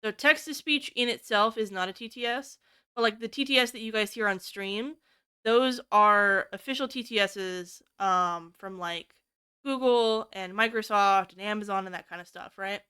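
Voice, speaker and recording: Bright, lively woman streamer. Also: normal speed, clean tone. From United States. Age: young adult. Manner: animated, swears freely, high-pitched when quoting others. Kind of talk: casual chat while working on stream.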